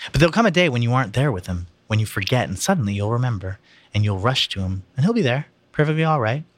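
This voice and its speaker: A man reading aloud voices a scheming, menacing teenage older brother who taunts in low threats. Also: lively intonation, fast talker, no echo, natural voice.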